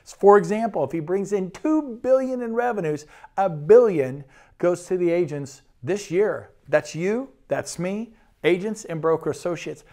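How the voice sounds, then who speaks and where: Enthusiastic man pitching real estate. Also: unhurried, dark tone. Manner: enthusiastic, conversational, with acted quotes. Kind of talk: sales presentation.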